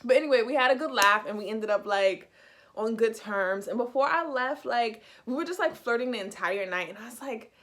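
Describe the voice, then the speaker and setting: A young woman from the United States, chatty and animated, telling a casual storytime in a vlog. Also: a little high, brisk. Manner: chatty, animated, heavy use of "like". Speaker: vlogger.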